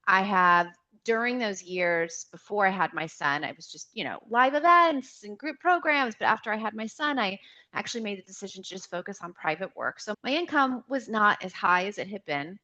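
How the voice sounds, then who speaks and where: A woman, a podcast guest, telling a personal story in an animated, emotional way, often restarting her sentences. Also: mid-range voice, normal speed, dull audio. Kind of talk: personal storytelling in a conversational interview.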